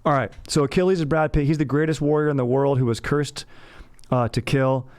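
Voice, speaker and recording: A man's voice: a little high, fairly even intonation, a little fast, darkish tone, clean tone, dry recording. A young man hosting a casual movie review chat, slangy and bro-ish, calling everyone dude. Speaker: host.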